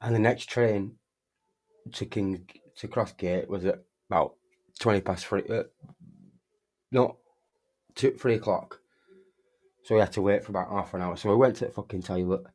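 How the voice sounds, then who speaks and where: A young man tells a long anecdote in a slightly low voice. He rambles, restarts his sentences and swears constantly, in a casual streaming chat. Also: normal speed, long pauses, darkish tone. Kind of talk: casual storytelling while gaming.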